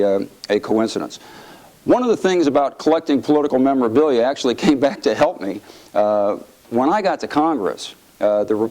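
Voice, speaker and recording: Lively middle-aged man telling stories. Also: medium pitch, low-quality recording. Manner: lively storyteller, acts out quotes with a raised voice. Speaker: former congressman telling stories. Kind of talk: anecdotal speech to an audience.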